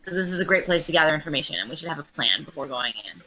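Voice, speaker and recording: A woman's voice: low voice, animated, very fast, sharp tone, rough recording. A woman playing in a tabletop game, chatting casually with the group. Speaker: player.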